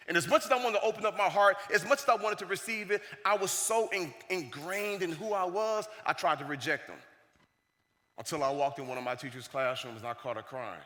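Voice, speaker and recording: A man's voice: sits high, fairly quick, bright, forceful tone. A man giving a motivational keynote at a conference, telling stories and acting out the quoted dialogue. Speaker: keynote speaker. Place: large conference hall. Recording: reverberant conference hall.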